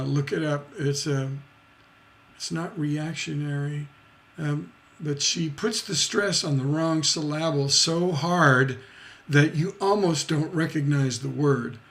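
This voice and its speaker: Slow, gravelly man teaching songwriting. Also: a little high. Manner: chatty, rambling, many fillers and tag questions. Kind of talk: live-streamed songwriting lesson.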